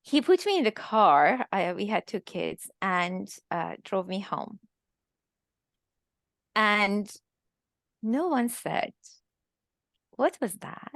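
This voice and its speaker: Woman from Iran with a gravelly voice. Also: mid-range voice, big pitch swings, fairly bright tone, no room sound, studio quality. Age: 50s. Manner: halting, emotional storytelling with many restarts. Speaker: guest. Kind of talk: personal testimony in a virtual talk. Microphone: video call.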